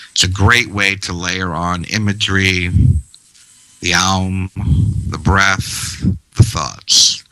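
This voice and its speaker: A man with a very low voice delivers a slow, meditative spiritual talk, guiding breath by breath with long pauses. His tone is notably bright and forward. The sound is dry and close, with no room around it. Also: no room sound, rough recording. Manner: calm, measured, guiding with pauses. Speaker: spiritual teacher.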